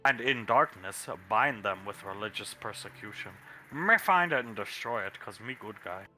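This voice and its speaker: A man's voice: lowish voice, expressive, moderate pace, bright, forceful tone, faint music behind, pitched below the performer's own voice. A man voicing a brutish, dim-witted male creature who speaks in broken grammar. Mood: gruff. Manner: caveman-style broken grammar, gruff.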